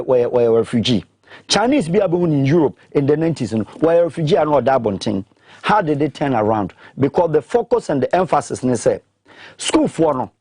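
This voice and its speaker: A man with a Ghanaian accent, speaking emphatically in an animated discussion that mixes English and Twi, pressing his points with repeated questions. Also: fairly high pitch, slightly rough, no room sound, clean studio sound.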